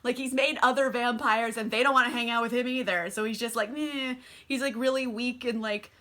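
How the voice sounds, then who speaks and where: Bright-voiced, chatty young woman vlogger. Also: fairly high pitch, steady tone, a little fast. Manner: chatty, swears, lots of "like" fillers. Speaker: book vlogger. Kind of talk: casual book recap.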